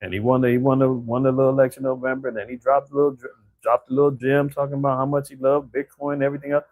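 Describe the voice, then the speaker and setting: A man's voice: mid-range voice, level tone, rapid-fire, a little mellow, rough recording. A man giving a casual, conversational scripture commentary on current events, talking colloquially and often tossing in "man" and "right?". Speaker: preacher.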